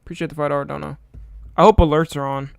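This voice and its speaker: A man's voice: fairly high pitch, steady tone, fast talker, creaky, a little mellow, clear, resonant tone, dry recording, clean studio sound. A young man streaming live, chatting casually and a little tired, swearing freely as he greets viewers by name.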